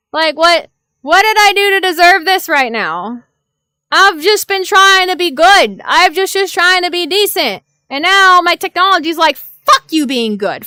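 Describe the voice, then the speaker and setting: A woman's voice: very high-pitched, bright, forceful tone, no room sound, studio quality. A young adult woman streamer venting in an exasperated, profane rant. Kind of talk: venting live-stream chat.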